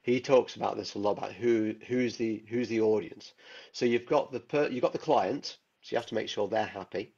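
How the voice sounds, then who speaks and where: A man's voice: on the low side, brisk, gravelly, darkish tone, breathy edge, lo-fi sound. A man, a guest artist chatting enthusiastically in an interview, rambling with lots of fillers. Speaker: guest illustrator. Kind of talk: casual interview chat.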